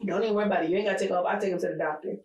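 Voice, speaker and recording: A woman co-hosting a podcast, telling personal stories in a candid, profane, animated way. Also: medium pitch, racing, reverberant, rough recording. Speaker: podcast co-host. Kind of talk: casual chat.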